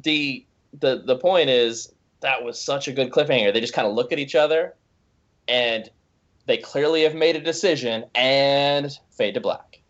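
A man's voice: mid-range voice, normal speed, a bit bright, dull audio. A man co-hosting a podcast in casual chat, rambling with lots of fillers, restarts and swearing. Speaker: podcast co-host.

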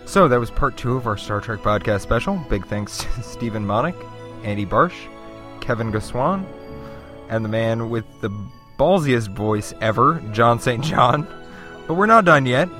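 A man's voice: medium pitch, expressive, moderate pace, music in the background. A man hosting a podcast, giving an upbeat outro announcement. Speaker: podcast host.

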